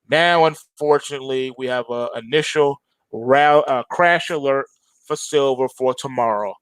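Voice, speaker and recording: A man's voice: mid-range voice, moderate pace, smooth, no echo. A middle-aged man hosting a trading show, giving emphatic, repetitive chart commentary straight to his viewers. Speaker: trading analyst host.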